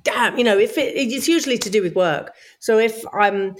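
A middle-aged woman chatting in an interview, an animated storyteller who acts out quoted voices in a high sing-song. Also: normal speed. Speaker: guest. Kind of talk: casual interview chat.

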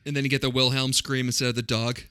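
A man's voice: mid-range voice, flat delivery, fast, sharp tone, smooth, no room sound, clean studio sound. A man in a casual movie chat who jokes and laughs often, quipping in character.

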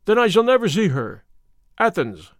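A man's voice: high-pitched, big pitch swings, moderate pace, dry recording, studio quality. A man reading an audiobook, voicing a starving, defiant captive who answers in terse, stubborn replies. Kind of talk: audiobook character voice.

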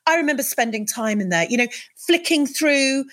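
A woman's voice: sits high, animated, moderate pace, a bit bright. Reflective woman hosting a podcast. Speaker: podcast host. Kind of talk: interview conversation.

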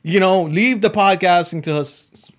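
A man co-hosting a comedy podcast, trading loose banter and mock-serious shout-outs. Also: high voice, moderate pace. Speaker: podcast co-host.

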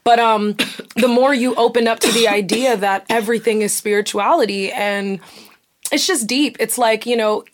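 A young woman with a slightly high voice tells a personal story on a casual talk show. She speaks candidly and animatedly, and she slips into the voices of the people she quotes. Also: normal speed.

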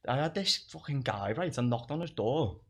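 A man's voice: medium pitch, expressive, moderate pace, husky. A young man, a comedian guest on a podcast, telling stories in casual chat, swearing freely and laughing as he goes. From England. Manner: laughs through his stories, swears a lot.

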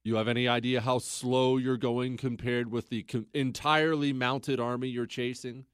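A man's voice: mid-range voice, level tone, moderate pace, clean tone, dry recording, clean studio sound. A man hosting a history podcast, telling the story conversationally and emphatically with asides to the listener. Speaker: podcast host.

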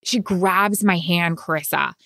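A woman's voice: lowish voice, unhurried, creaky, no echo, clean studio sound. Emotional woman telling a personal story. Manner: emotional storytelling with excited bursts. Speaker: podcast co-host. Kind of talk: casual chat.

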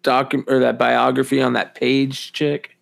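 A man's voice: mid-range voice, flat delivery, measured pace, gravelly. A man chiming into a casual podcast chat with laid-back, enthusiastic remarks.

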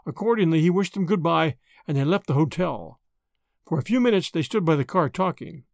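Expressive male audiobook narrator. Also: a little high, a little fast, creaky, dry recording, clean studio sound. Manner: expressive storytelling.

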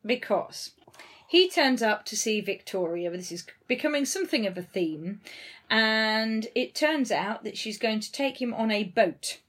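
A woman's voice: a little high, expressive, a little slow, a bit bright, slightly rough. A woman co-hosting a podcast, chatting enthusiastically and quoting lines. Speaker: podcast co-host. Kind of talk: casual chat.

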